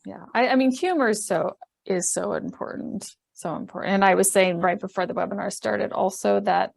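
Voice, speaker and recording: A woman hosting a webinar interview over a video call, asking questions in a friendly, brisk way. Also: medium pitch, gravelly. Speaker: webinar host.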